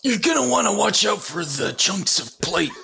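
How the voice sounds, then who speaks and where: A performer voicing a diner cook with a gravelly, husky voice and a bright, forward tone. The cook explains things in a dry, matter-of-fact way in an improv bit. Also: medium pitch, very animated, moderate pace, full character voice. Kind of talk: improvised comedy.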